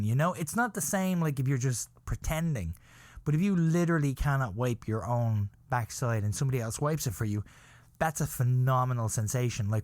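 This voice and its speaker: A man's voice: a little high, dry recording. A man hosting a podcast, telling a rambling comic story about himself and often laughing at his own words. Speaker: podcast host.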